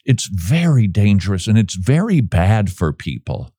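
A man talks with a sarcastic, joking edge and a lively, swinging pitch. He laughs often as he riffs with his co-host. The sound is close and dry. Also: unhurried, slightly rough, no room sound. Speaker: podcast co-host. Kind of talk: casual commentary.

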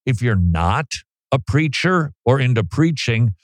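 A man's voice: medium pitch, very animated, unhurried, dry recording. A man hosting a radio program, talking in a casual, joking way and laughing often. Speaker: radio host.

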